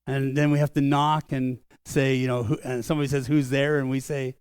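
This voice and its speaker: An older man preaching a sermon as pastor, earnest and conversational, slowing down for solemn lines. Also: mid-range voice, little pitch movement, darkish tone, clean tone, no room sound, clean studio sound. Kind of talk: sermon storytelling. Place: church sanctuary.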